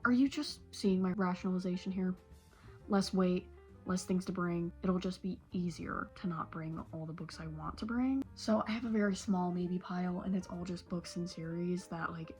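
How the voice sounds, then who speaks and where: Her voice on the low side and a little mellow, a woman in her late teens talks at a moderate pace as faint music plays. She vlogs tearfully from her bedroom in a casual, rambling way, full of "like."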